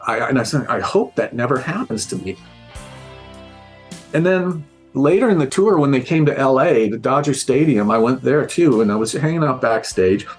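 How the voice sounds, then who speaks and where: A man, a guest on a podcast, telling a relaxed anecdote and acting out the voices of the people in it. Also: medium pitch, normal speed, husky, soft background music. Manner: relaxed storyteller, acts out quoted voices. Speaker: interviewed guest telling a story. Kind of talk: casual anecdote.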